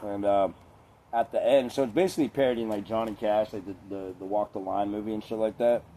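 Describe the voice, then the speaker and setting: A man's voice: lowish voice, fairly even intonation, a little fast, warm tone, a little hiss or hum. A young man rambling casually in a laid-back, profane, chatty way with lots of fillers.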